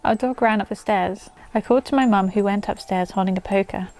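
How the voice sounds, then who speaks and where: A woman's voice: medium pitch, brisk, a little mellow. Chatty woman reading spooky stories. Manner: chatty, breaks off to coax her dog in a sing-song voice. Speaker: channel host reading viewer stories. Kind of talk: casual storytelling vlog. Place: at home with her dog.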